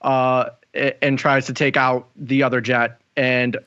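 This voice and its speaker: A man co-hosting a podcast, giving an animated play-by-play retelling of a show's scenes in casual chat. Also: medium pitch, unhurried, clean tone. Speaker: podcast co-host. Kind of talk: casual chat, recapping an episode. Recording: slightly dull lo-fi sound.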